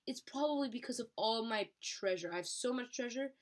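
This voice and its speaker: A woman's voice: a little high, lively intonation, a little fast, pitched above the performer's own voice, close to an everyday voice. A small, eager young female dragon puts on airs as a mighty queen, mock-grand and playful. A woman reads her aloud in a storybook reading. The voice stays fairly close to an everyday one. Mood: playful pompous.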